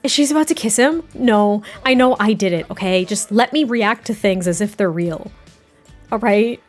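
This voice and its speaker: A woman's voice: medium pitch, normal speed, soft background music. A young woman giving casual, chatty let's-play commentary, reacting and laughing often. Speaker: game streamer.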